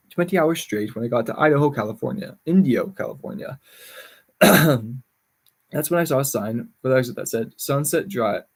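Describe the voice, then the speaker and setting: Male reader, husky, mid-pitch; reads a memoir aloud and corrects his slips. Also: a little mellow. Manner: stumbles and corrects words as he reads. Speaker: livestreamer reading a book.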